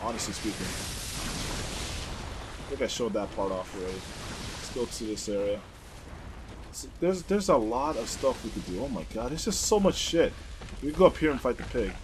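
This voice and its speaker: A young man rambles through his gameplay commentary in an excitable, loose way, swearing often. His voice sits at an ordinary middle pitch. A faint background noise runs under the recording. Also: moderate pace, pauses often. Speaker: let's play host.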